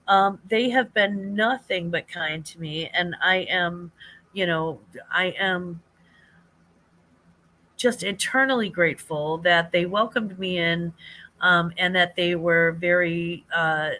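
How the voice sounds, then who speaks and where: Bright-voiced chatty older woman host. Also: on the low side. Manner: rambling, chatty, laughs often, many fillers and restarts. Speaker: livestream host. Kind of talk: casual live chat.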